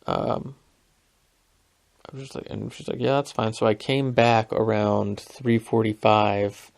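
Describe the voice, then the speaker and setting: A young man hosts a podcast with a casual, rambling monologue, telling a story in a self-deprecating way packed with fillers. His medium-pitched voice is gravelly and a little mellow.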